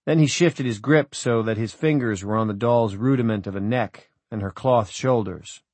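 A man reads a first-person novel in a measured, reflective way. His voice is low. The recording is close and completely dry, with no room sound. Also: darkish tone, no room sound. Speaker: audiobook narrator. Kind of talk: first-person audiobook narration.

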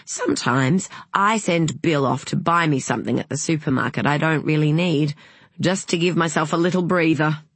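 A woman's voice: low-pitched, moderate pace, slightly rough, no echo. A narrator voicing a nervous, fussy woman who smiles frantically and gives firm little orders. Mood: fluttery. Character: anxious, fussy mother of a young woman.

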